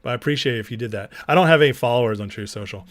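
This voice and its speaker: Speaking rapid-fire in a medium-pitched voice, a man hosts a casual livestream. He chats loosely, reading out viewer comments as they come in and laughing along.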